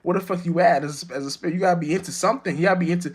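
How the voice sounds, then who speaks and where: Fast-talking, profane man rambling. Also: breathy edge. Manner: profane, rambling, many restarts and "you know what I'm saying"; jumps high and loud when acting out his own outbursts. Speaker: vlogger. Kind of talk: rambling spiritual monologue.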